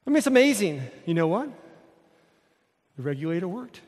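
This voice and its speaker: A man's voice: sits high, big pitch swings, a little fast, a little mellow. A male pastor preaching a sermon, telling a story with emphatic repetition. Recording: long hall reverb.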